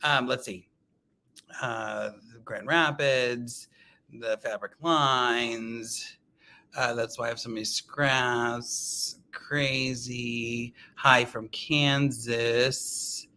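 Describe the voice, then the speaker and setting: A man hosting a casual quilting livestream, telling animated stories, laughing often and reading viewer comments. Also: mid-range voice, drawn-out words. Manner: chatty, animated storytelling, laughs often, reads live comments.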